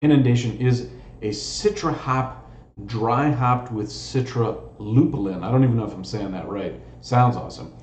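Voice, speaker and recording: A man's voice: mid-range voice, moderate pace, darkish tone. A man hosting a live stream, chatting casually in a jokey, rambling, self-mocking way. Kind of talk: casual chat. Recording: echoey room with faint noise.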